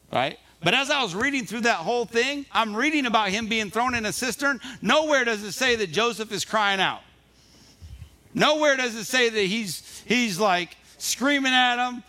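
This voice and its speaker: Preacher guy, sermon, big swings in pitch, bright voice, acts out little voices in the story. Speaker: pastor. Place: church.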